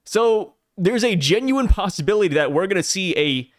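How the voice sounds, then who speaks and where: A man's voice: high voice, animated, normal speed, no echo, clean studio sound. A man co-hosting a podcast, chatting casually and animatedly about manga, sometimes reading panel dialogue aloud. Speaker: podcast co-host.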